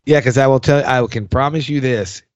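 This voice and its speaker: A man with a Florida accent hosts a casual talk, blunt and profane, quick to joke at his own expense. His voice sits in a middle register and sounds dry and close. The audio is dull and lo-fi, like a remote call. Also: medium pitch, no echo. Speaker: podcast host and drummer. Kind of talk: casual conversation.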